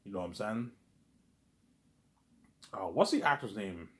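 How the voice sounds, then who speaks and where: A man rambling in a casual monologue, animated and repetitive, arguing with an imagined listener. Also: on the low side, unhurried. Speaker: vlogger.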